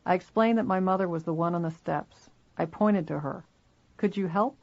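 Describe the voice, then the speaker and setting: A steady, measured reader narrating a first-person memoir. The voice has a gravelly, creaky texture. The recording sounds dull and lo-fi. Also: mid-range voice.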